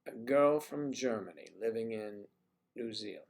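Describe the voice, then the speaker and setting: A man's voice: on the low side, normal speed. Rambling man chatting with viewers. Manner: rambling, teasing, reading out viewer comments. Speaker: livestream host chatting with viewers. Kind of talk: casual chat.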